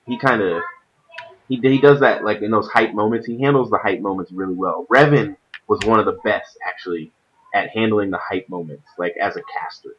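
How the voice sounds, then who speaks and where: A man's voice: lowish voice, a little fast, muffled recording, slight background noise. A man hosting a casual gaming stream, rambling and often laughing. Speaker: stream host.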